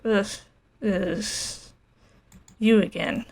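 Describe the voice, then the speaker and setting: A woman's voice: mid-range voice, steady tone, drawn-out words, creaky, darkish tone. A woman giving casual, wry commentary while playing a story game. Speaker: let's play gamer.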